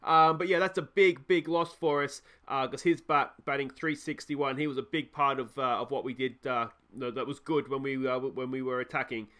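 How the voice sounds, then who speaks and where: Australian man, let's play host, casual game commentary, sharp lively tone, filler-heavy. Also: mid-range voice, moderate pace, hardly any pauses. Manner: chatty, frequent ums and uhs.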